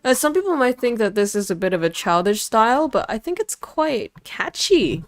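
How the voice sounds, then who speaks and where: A woman's voice: a little high, big pitch swings, normal speed, no room sound, clean studio sound. A young woman streaming a game live, chatting casually with her chat and reading story text aloud in a playful, talkative way. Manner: chatty, switches languages, greets chat playfully. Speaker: vtuber streamer.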